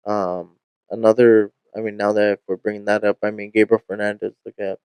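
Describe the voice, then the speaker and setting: A young man co-hosting a casual podcast, laid-back and halting, mostly giving short replies. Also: lowish voice, little pitch movement, a little mellow, smooth, no room sound, low-quality recording. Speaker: podcast co-host.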